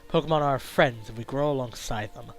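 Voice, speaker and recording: A man voicing a calm, kindly male professor who is new in town, reading his lines in a low, hushed, measured voice. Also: faint music behind, close to an everyday voice, rough recording. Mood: earnest.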